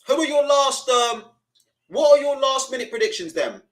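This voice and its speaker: High-voiced swearing man. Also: expressive, normal speed, poor audio. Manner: swearing, rambling, reads chat aloud. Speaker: live stream host. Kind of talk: casual live-stream commentary.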